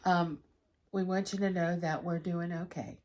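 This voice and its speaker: Woman, middle-aged, slightly low voice, candid, chatty home vlog storytelling. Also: steady tone, normal speed, a little mellow. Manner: chatty, candid, tells stories. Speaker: vlogger. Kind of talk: casual chat to camera.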